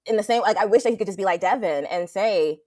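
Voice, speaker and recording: A woman co-hosts a casual chat recapping a reality dating show. She talks with lots of energy and jumps into a high voice to act out what the cast said. Her voice sounds close and dry. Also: fast talker, dry recording. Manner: animated, acts out quotes in a high voice. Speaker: co-host.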